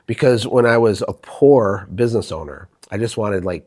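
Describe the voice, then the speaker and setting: A man's voice: on the low side, moderate pace, hardly any pauses, darkish tone. A male podcast host speaking reflectively and with emphasis in a casual interview.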